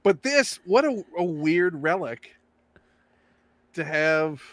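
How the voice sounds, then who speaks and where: A man's voice: on the high side, lively intonation, slow, fairly bright tone, no room sound. A man in casual chat, joking and rambling with frequent restarts. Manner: rambling, jokey, trails into restarts. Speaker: chat guest or co-host.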